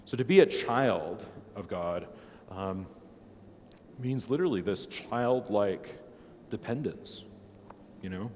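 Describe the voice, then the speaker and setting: A man's voice: on the low side, animated, slow pace, pauses often, a little mellow, in a large hall, a little hiss or hum. A man in his thirties teaching a church catechism class in a casual, joking way, laughing often and peppering his talk with "like" and "right". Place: church hall.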